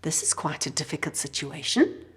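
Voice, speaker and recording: A woman voicing a wise king who calmly weighs a dispute in a children's Bible story. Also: sits low, moderate pace, in a large hall, pitched below the performer's own voice. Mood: measured.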